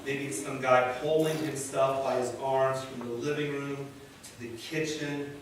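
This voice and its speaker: A male pastor preaching a sermon in a church, telling the story dramatically and swinging between loud and hushed delivery. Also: medium pitch, flat delivery, a little slow, background noise. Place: church sanctuary. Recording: echoey church hall from far off.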